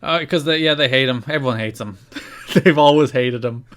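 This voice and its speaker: A man's voice: medium pitch, moderate pace, fairly bright tone, smooth. A man co-hosting a podcast, recapping in casual chat with a jokey manner, laughing often and wandering into rambling asides. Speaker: podcast co-host.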